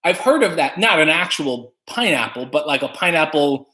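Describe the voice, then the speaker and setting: A man's voice: a little high, lively intonation, moderate pace, pushed and bright. A man hosting a casual livestream, reading chat comments aloud with playful, wry asides.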